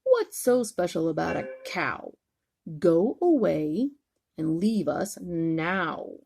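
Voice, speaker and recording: Gruff storybook lions roar at a stranger in a rough, growling way. A grandmother puts them on in a slow, dark, breathy voice. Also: lowish voice, expressive, exaggerated voice. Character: gruff roaring unfriendly lions, a group.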